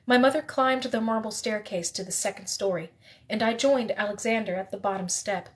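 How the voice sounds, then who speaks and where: A woman reading a novel aloud in the first person, steady, with the odd slip she corrects. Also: mid-range voice, fairly quick. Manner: steady reading with occasional slips and self-corrections. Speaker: reader.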